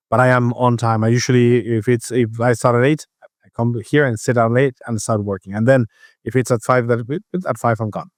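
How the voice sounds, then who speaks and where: A man co-hosts a casual podcast, telling a work story at an ordinary pitch. He stops and restarts often and acts out the other people's lines as he goes. The sound is dry and close. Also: no echo. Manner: storytelling, halting with restarts, acts out quoted voices. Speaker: podcast co-host. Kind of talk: casual chat.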